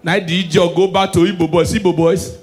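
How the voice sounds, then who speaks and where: High-voiced Nigerian man doing stand-up. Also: a little fast. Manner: animated, swings between hushed asides and shouted punchlines. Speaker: stand-up comedian. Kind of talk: stand-up comedy performance.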